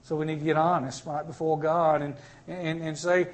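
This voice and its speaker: A man preaching a sermon, dropping to low murmurs and then rising to loud, pleading cries. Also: level tone, normal speed, few pauses.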